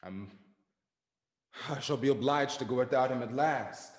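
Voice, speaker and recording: A man acting an impatient young gentleman grumbling to himself in a live online play. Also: medium pitch, unhurried, natural voice. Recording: echoey hall, far from mic.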